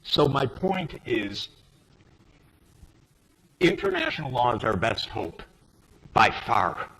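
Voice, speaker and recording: An older American man speaking emphatically and indignantly on a panel, his voice rising to sharp outbursts. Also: mid-range voice, wildly swooping pitch, takes it slowly, gravelly, background noise. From United States. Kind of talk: impassioned panel speech. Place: forum hall.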